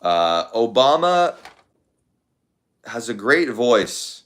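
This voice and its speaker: A man's voice: fairly low pitch, expressive, a little slow, a bit bright. A young man casually chatting to his viewers, thinking aloud in a rambling way with lots of fillers. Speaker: content creator.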